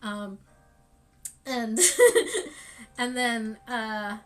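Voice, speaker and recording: A young woman chats casually on a live stream, her voice sitting a little high. She rambles through her story with plenty of fillers and breaks into laughter now and then. Faint music plays underneath. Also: flat delivery, very slow, a bit bright. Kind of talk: casual livestream chat.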